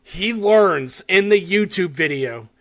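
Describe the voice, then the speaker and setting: Taking his time, a man with a high-sitting voice recaps a horror short on a podcast he co-hosts. The chat is casual and lively, full of swearing and laughter.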